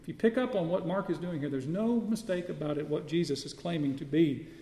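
A man's voice: a little high, brisk, warm tone. A man preaching a sermon, explaining scripture and asking his listeners questions as he teaches. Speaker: pastor. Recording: echoey hall, voice from far off.

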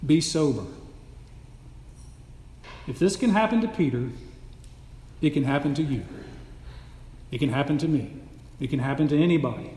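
A man preaching an emphatic, animated sermon as a pastor, recorded in a church sanctuary. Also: a little high, brisk, pauses often. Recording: echoey hall with long reverb.

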